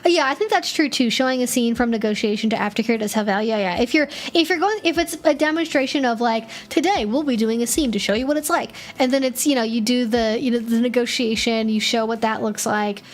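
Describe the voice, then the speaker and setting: A woman's voice: a little high, fast, few pauses. A young adult woman hosting a casual live stream, chatting loosely with frequent fillers and restarts as she answers questions from chat.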